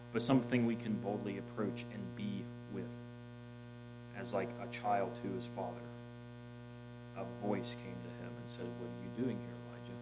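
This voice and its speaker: A man's voice: fairly low pitch, low-quality recording. Man preaching over background music. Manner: reads scripture aloud, rising loud on key phrases, dropping soft for quiet lines. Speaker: pastor. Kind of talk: sermon.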